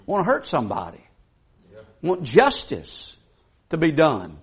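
A man's voice: a little high, wildly swooping pitch, unhurried, slightly rough. A man preaching a sermon in a folksy, emphatic way, putting questions to the congregation.

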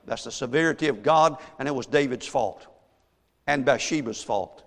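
A male pastor preaching a sermon, telling a story and swinging from hushed asides to shouted emphasis. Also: mid-range voice, normal speed. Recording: long echo of a large hall.

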